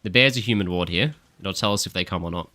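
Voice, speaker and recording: A man's voice: deep voice, fast, sharp tone. A young man streaming a game and commenting live, coaching his team, swearing and barking orders when heated.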